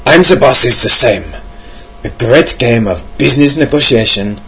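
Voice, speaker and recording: A man's voice: medium pitch, expressive, normal speed, fairly bright tone, breathy edge, heavily acted, poor audio. A man reading out a listener's message in a put-on German accent, stiff and exaggerated. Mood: mock formal. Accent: mock German. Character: male listener read in mock German accent.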